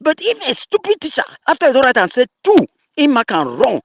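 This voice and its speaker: A man's voice: very high voice, wildly swooping pitch, brisk, fairly bright tone, dry recording. Cameroonian guy ranting mad in a forum debate, voice swings way up and down, mocking the other guy. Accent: Cameroonian English with Pidgin. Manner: angry, insulting, mocking. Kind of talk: heated online audio debate.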